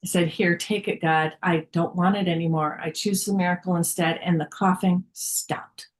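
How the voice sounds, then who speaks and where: A woman's voice: fairly low pitch, fairly even intonation, moderate pace. A woman sharing a personal story in a casual spiritual group, candid and chatty with many fillers.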